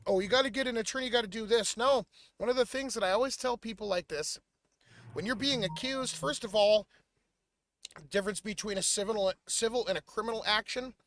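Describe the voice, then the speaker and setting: A man's voice: high voice, brisk, dry recording. A man co-hosting a podcast, talking casually and retelling stories dramatically. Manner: animated, dramatic storytelling. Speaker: podcast co-host.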